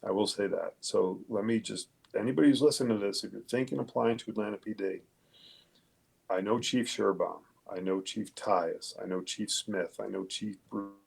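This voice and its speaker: A man's voice: lowish voice, normal speed, gravelly, husky. A police detective, a man, telling his story bluntly and with heavy swearing in a conversational interview. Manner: blunt, profane, emphatic. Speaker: police detective, podcast guest.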